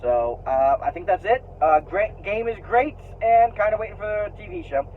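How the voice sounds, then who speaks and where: A man's voice: high-pitched, expressive, moderate pace. A man vlogging in a casual, rambling way, full of fillers and restarts, and frank enough to swear when annoyed. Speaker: vlogger sharing opinions. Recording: tinny phone-like sound with faint noise.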